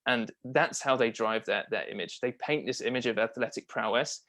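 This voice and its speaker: A man's voice: medium pitch, normal speed, a bit bright. A man being interviewed as a copywriter and marketing strategist, talking casually and enthusiastically with frequent fillers and restarts.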